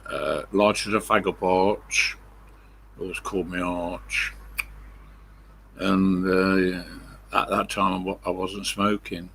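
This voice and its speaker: An older man, rambling through a story on his live stream, full of pauses and fillers. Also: low-pitched, gravelly, fairly bright tone, husky.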